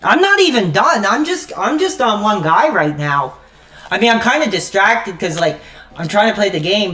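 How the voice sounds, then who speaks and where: A woman's voice: medium pitch, a bit bright. A woman live streamer in an angry, profane rant while gaming, stammering and cursing constantly. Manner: repeats "frickin'" constantly.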